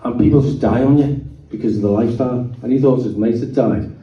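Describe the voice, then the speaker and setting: A man's voice: medium pitch, fast talker. A man giving his testimony to a live audience, telling stories animatedly and acting out the voices in them. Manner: animated storyteller acting out dialogue. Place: meeting hall. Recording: dull, roomy sound from a distant mic.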